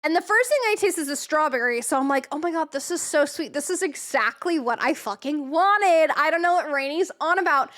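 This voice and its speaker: Young woman, high voice, animated casual storytelling, swears a lot. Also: normal speed. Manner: animated, swears freely, acts out quotes. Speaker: streamer.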